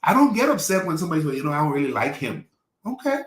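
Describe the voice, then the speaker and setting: A man's voice: on the high side, sing-song, rapid-fire, a bit bright, reverberant. A man giving a live teaching in a folksy, conversational preaching style, calling out to his listeners. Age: 40s. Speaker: pastor.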